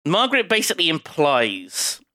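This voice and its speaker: A man co-hosting a podcast, recapping a film in casual, sweary chat with low-voiced asides. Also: huge pitch swings, moderate pace, bright, forceful tone, no room sound, studio quality. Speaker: podcast co-host.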